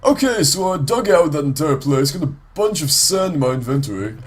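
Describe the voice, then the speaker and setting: A man's voice: a little high, animated, fairly quick, slightly rough. A sick man with a congested, nasal voice gives rambling, casual gameplay commentary for his let's play, full of ums and restarts.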